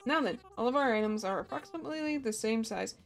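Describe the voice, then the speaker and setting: A woman reading aloud the lines of a cheerful, polite male raccoon salesman from a game, in a brisk, chipper way. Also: a little high, expressive, gravelly. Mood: upbeat.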